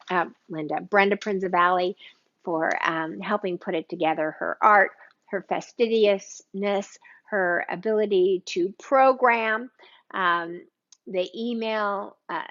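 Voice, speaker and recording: A woman's voice: medium pitch, a bit bright, lo-fi sound, slight background noise. A woman hosting a live cooking stream from her home kitchen, chatting with viewers by name in an exclamatory way. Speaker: cooking show host.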